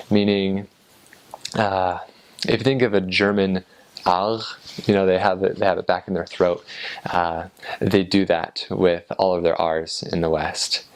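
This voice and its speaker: Man, very low voice, unhurried, thoughtful, lots of ums. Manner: relaxed, thoughtful, with many ums and uhs. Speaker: returned missionary. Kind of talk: casual explanatory talk.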